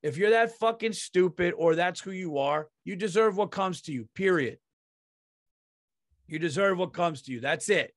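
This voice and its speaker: A man's voice: sits high, animated, moderate pace. A man, a comedian hosting his podcast, telling a story in a heated, profane ranting monologue.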